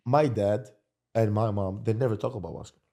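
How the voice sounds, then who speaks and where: A man's voice: on the low side, a little fast, dark tone. A man hosting a sports podcast, talking casually and animatedly, often repeating himself and restarting sentences. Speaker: podcast host, former basketball player.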